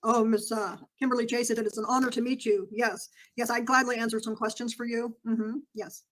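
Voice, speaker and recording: A woman's voice: fairly high pitch, flat delivery, fairly quick, close to an everyday voice, rough recording. A woman doing a polite Southern cop, Officer Lonnie Lawson. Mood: courteous. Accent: put-on Southern US. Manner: courteous, deferential, lots of "yes, ma'am". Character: polite male small-town Southern police officer. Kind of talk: comedic role-play.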